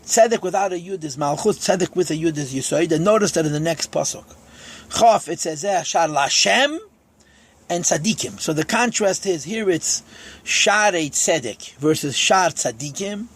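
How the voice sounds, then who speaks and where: A man with a husky, raised voice teaches a lesson on Psalm verses. He quotes each line in Hebrew and then unpacks it in English, step by step. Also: a little high, animated, normal speed. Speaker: Torah teacher.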